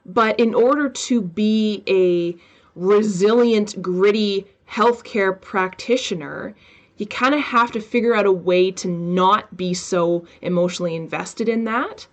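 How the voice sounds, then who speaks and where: A woman hosting a podcast in casual conversation, telling stories with animation and acting out other people's remarks. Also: medium pitch. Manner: animated, acts out quoted remarks in livelier tones. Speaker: podcast host.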